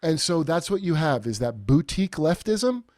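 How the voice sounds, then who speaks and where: A man's voice: on the high side, sing-song, normal speed, darkish tone, no room sound, studio quality. Profane rambling man on a podcast. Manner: profane, rambling, mocking quoted voices. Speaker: podcast host. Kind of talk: casual comedic chat.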